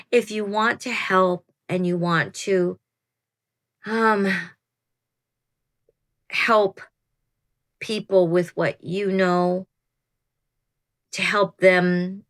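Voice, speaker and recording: A woman's voice: lowish voice, a bit bright, smooth. A woman in her fifties giving casual, chatty advice to newcomers, rambling a little and laughing at herself. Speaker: veteran program participant giving advice. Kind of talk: casual advice talk to camera.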